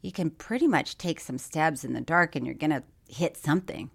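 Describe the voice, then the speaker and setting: A woman's voice: deep voice, animated, moderate pace, creaky, breathy edge. A woman co-hosting a casual podcast chat, laughing often and acting out quotes. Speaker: podcast co-host.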